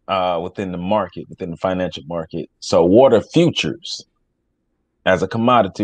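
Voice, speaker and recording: Brief: low-voiced male podcast host, dry close sound, easygoing delivery. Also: darkish tone, no echo. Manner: laid-back, reads news aloud. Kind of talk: casual podcast talk.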